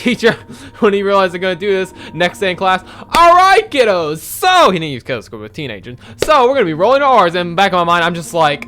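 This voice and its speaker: Young male gamer, casual let's-play chatter, lively swinging pitch, cursing freely. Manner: animated, rambling, swears a lot. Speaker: gaming video creator.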